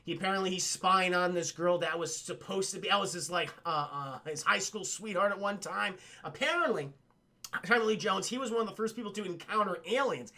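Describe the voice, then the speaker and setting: A young man streaming a casual, profane film recap to his chat, excitably acting out lines from the movie. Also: high voice, fairly quick.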